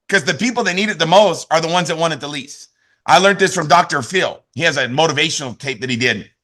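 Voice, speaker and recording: A man giving an energetic motivational training talk to his team over a video call, with lots of repetition and "right?" tags. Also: on the high side.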